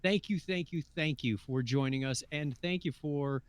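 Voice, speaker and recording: A man's voice: on the high side, normal speed, no room sound. Understated male podcast host. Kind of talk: casual podcast chat.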